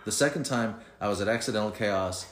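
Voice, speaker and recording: A man's voice: on the low side, a little fast, noisy background. A man hosting a casual podcast chat, telling stories with lots of laughter and acting out the people he quotes. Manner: laughing storyteller, acts out quotes. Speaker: podcast host. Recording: roomy echo.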